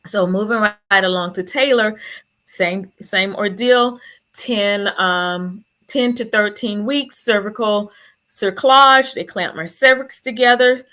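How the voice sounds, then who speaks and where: A woman speaks to a group in an earnest, heartfelt way, sharing her story at her own pace. Her voice stays in a middle pitch, and she sounds close to tears as she pushes on. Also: slow, bright, forceful tone. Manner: earnest, emotional, fighting back tears. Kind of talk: personal storytelling to an audience.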